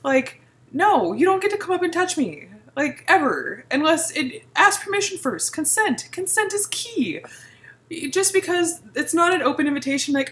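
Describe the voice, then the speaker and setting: A woman in her thirties talks straight to camera in a casual vlog, blunt, exasperated and sarcastic. Her voice sits fairly high and swings widely in pitch as she mimics people. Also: very animated, moderate pace, fairly bright tone. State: pregnant. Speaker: vlogger.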